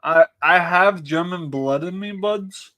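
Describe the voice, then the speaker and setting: Slow-talking man with a Boston accent. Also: sits high, bright, forceful tone, no echo. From New England. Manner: laughing, profane storytelling. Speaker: livestream panel guest. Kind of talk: casual chat.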